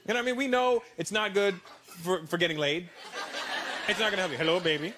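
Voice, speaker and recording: A man with a Canadian accent doing a brash, animated stand-up comedy routine on stage. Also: sits high, fast. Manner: brash, animated, mock-confidential. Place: stage before a live audience. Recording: loud noisy live stage recording.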